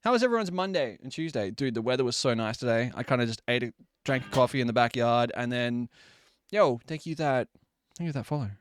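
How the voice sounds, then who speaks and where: A man in his twenties chatting casually with viewers on a live stream, animated and quick to swear. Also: mid-range voice, dry recording. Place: at home at his desk.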